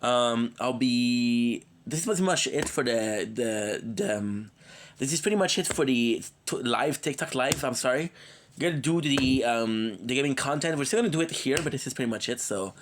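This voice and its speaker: A worn-out man hosts a live gaming stream and chats loosely with viewers he knows by name. He rambles and jokes, slipping in stray foreign phrases, and sounds like a cold is coming on. His voice sits at an ordinary middle pitch. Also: animated, normal speed, noisy background. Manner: rambling and playful, drops in foreign words. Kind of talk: casual livestream chat.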